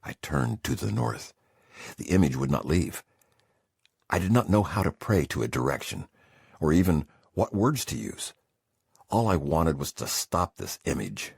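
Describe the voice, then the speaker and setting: Extremely deep, gravelly man narrating. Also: very animated, a little slow, a little mellow, no echo, studio quality. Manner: intense, emotional first-person storytelling. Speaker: audiobook narrator. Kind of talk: scripted memoir narration.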